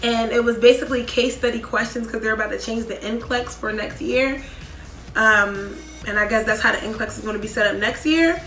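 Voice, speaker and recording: A young woman in her twenties tells a casual storytime, her bright voice sitting a little high. She talks in a chatty, animated way, full of "like" and quick asides. Her voice carries through a roomy, echoing space over faint background music. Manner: chatty, animated, heavy use of "like". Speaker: vlogger.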